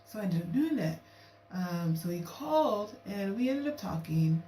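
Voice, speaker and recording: A young woman vlogging casually, telling a story in a chatty, animated way and acting out what she and others said. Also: medium pitch, moderate pace. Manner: chatty, animated, acts out quotes of herself and her date. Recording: echoey room, distant mic, faint hiss.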